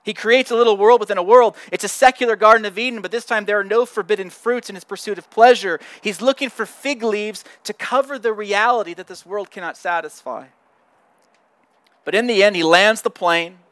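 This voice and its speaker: A man's voice: high-pitched, a little fast, a bit bright, dry recording. A man, a pastor, preaching a sermon in an earnest, conversational way, often repeating words as he restarts his sentences.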